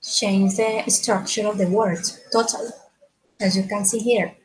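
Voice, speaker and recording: A woman's voice: medium pitch, steady tone, measured pace, husky, poor audio. A woman teaching an English grammar lesson, who keeps checking in with short tag questions and repeats phrases as she explains.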